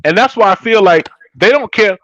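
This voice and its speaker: A man's voice: sits high, lively intonation, normal speed, fairly bright tone, dry recording, highs cut off. A man co-hosting a casual chat show, talking emphatically in a preachy way and calling his listeners y'all. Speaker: co-host.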